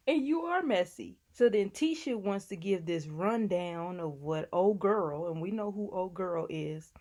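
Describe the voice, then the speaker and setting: A woman's voice: on the low side, mellow. A woman casually recapping a TV episode in a chatty, sassy way, talking back to the people on the show. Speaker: TV recap vlogger.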